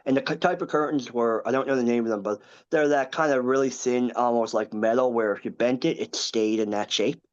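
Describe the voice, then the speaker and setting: Earnest and hesitant, a thirtysomething man tells a personal story as a podcast guest, repeatedly tacking on side remarks. The recording is a bit dull and lo-fi, and his voice sits at a normal male pitch.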